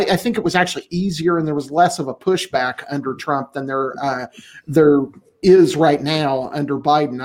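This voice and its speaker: A man co-hosting a casual political podcast, talking bluntly and emphatically with frequent swearing. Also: fairly high pitch. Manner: blunt, profane, emphatic, laughs often. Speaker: podcast co-host.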